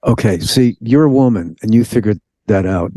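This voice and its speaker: A man in an interview spins out a personal story with lively energy, slipping into the voices of the people he quotes. His voice is dark and mellow, and the sound is close and dry with no room around it. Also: lowish voice, normal speed, no echo. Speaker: guest.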